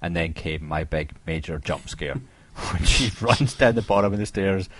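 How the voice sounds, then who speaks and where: A man co-hosting a podcast, recounting horror film scenes with lively, swearing enthusiasm. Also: deep voice, normal speed. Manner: animated retelling, swears freely. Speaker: podcast co-host. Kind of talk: casual horror film discussion.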